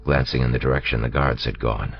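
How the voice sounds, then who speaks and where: A man narrating an audiobook in a steady storytelling manner, on a dull lo-fi recording with faint music. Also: rumbling low, fairly quick, creaky. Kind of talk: scripted narration.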